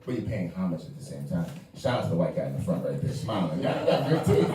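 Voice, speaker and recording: Rowdy tipsy New comedian, yelling. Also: male voice, low-pitched, very animated, fast, a little hiss or hum. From New York. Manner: loud, profane, slurring, yelling. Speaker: comedian debater. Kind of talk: drunk stand-up debate. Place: comedy club stage. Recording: echoey room, far from mic.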